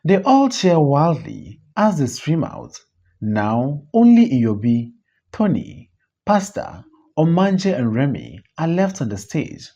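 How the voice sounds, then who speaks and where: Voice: mid-range voice, sing-song, slow, mellow. A reader narrating a stage play aloud, reading the stage directions and every part alone, on a dull lo-fi recording. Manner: reads stage directions and all parts alone. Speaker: audiobook reader.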